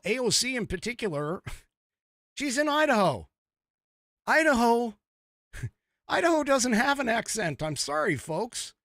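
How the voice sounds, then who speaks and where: A man's voice: high-pitched, no room sound. A man in his own podcast, delivering casual political commentary. His voice is raised a little above typical and swings widely, with a rambling, chuckling delivery. The sound is dry and close. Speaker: podcast host.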